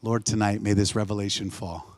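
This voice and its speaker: A man's voice: lowish voice, fairly even intonation, a little fast, a little mellow. A man preaching a live church sermon, emphatic and repetitive, calling out to the congregation. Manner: emphatic, call-and-response, repeats phrases. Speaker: guest preacher. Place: church sanctuary.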